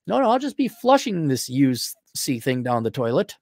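A man's voice: normal speed, few pauses, no echo, studio quality. A man hosting an advice show, giving blunt, mocking advice in a brash rant. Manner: brash and mocking, lively swoops in pitch.

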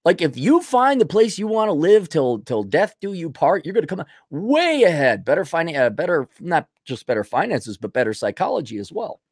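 Male host in his 30s, casual and mocking, animated delivery, dry mic. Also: a little high, fairly quick, few pauses, breathy edge, no echo. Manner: sarcastic, rambling, mocking. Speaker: podcast host. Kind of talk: casual livestream commentary.

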